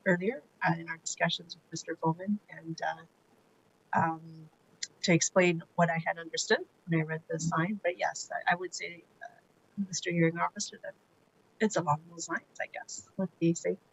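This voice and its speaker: A woman's voice: lowish voice, steady tone, a little fast, slightly rough, poor audio. A woman answering at a hearing over a video call, hesitant and full of fillers but good-humored. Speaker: defendant at a hearing. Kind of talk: hearing testimony.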